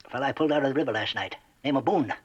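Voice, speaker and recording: A rapid-fire, medium-pitched voice with a breathy edge belongs to an actor lightly playing a giggly, talkative backwoods character in a 1960s TV western. He chuckles, stammers, and speaks in rustic grammar, all folksy, over a muffled old soundtrack.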